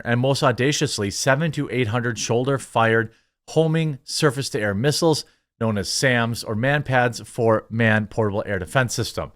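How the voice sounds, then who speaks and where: A man hosting an online commentary video, reading article excerpts aloud and answering them with mocking, indignant remarks. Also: mid-range voice. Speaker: commentary channel host.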